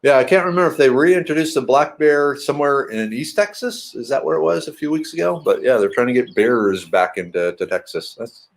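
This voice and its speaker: A man's voice: mid-range voice, lively intonation, normal speed. A middle-aged man chatting casually in a home vlog, rambling and throwing in playful sing-song asides. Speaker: vlogger.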